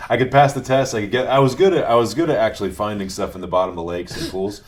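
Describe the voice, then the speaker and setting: A man from New England, a podcast guest, telling his story in a relaxed way with frequent restarts and a softened New England Italian American accent. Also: on the low side, quick pace. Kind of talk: conversational interview.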